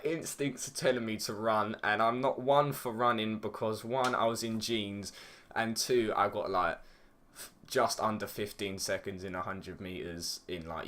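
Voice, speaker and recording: Rambling English teen lad, swearing. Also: male voice, on the low side, unhurried, fairly bright tone. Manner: rambling, swears a lot, heavy use of "like". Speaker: vlogger. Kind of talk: casual storytelling.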